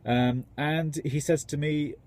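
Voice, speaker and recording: A man's voice: fairly high pitch, steady tone, slow pace, darkish tone. A man, a tradesman, rambling enthusiastically in a casual vlog. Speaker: tradesman contractor.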